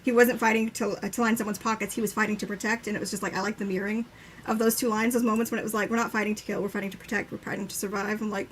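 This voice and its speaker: A young woman co-hosting a casual live-stream book chat, enthusiastic and quick to swear, acting out quotes with laughter. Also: mid-range voice, level tone, a little hiss or hum. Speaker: book discussion co-host.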